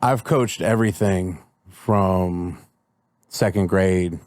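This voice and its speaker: A man who is a comedian and coach speaks as a podcast guest. He's easygoing and joking, with slangy phrasing, in a somewhat low voice. The recording is close and dry. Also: takes it slowly, darkish tone, no room sound. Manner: laid-back, playful, slangy. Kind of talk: casual conversational chat.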